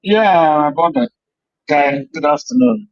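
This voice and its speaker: A man calling in to a live program, hesitant and slowly listing names. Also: fairly high pitch, lively intonation, vocal fry, no echo, lo-fi sound. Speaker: caller. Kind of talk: call-in remarks.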